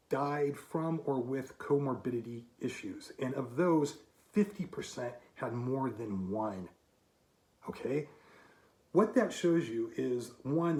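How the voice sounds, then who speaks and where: A man's voice: mid-range voice, darkish tone, echoey room. A man in his fifties giving an emphatic, argumentative monologue to camera with rhetorical asides. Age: 50s. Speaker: commentator.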